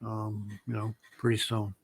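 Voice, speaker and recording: A man's voice: on the low side, completely flat delivery, a little slow, vocal fry, husky, dry recording, studio quality. A man chatting casually in an easygoing way, mostly with short agreeing replies. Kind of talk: casual chat.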